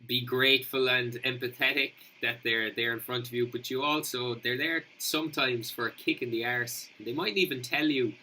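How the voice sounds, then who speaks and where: A man's voice: medium pitch, fairly even intonation, moderate pace, hardly any pauses, pushed and bright, a little hiss or hum, low-quality recording. A man hosting a casual podcast interview, agreeable and asking open questions. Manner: agreeable, laughs easily, asks open questions. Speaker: podcast host.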